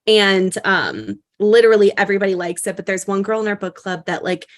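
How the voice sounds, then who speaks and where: A woman's voice: medium pitch, expressive, fairly quick. A woman co-hosting a podcast, chatting casually with lots of "like" and "um" and restarting her sentences. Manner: chatty, many fillers and restarts. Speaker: podcast co-host. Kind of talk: casual chat.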